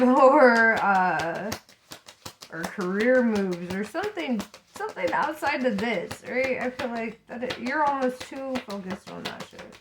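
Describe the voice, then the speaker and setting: A woman's voice: medium pitch, slight background noise. A woman giving a casual tarot reading, frank and profane, laughing often and asking "right?" as she talks. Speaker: tarot reader.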